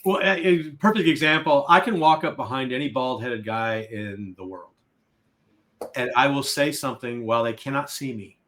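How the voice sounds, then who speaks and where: A man's voice: medium pitch, normal speed, fairly bright tone. A man in a conversational discussion, sharing an example in an anecdotal way.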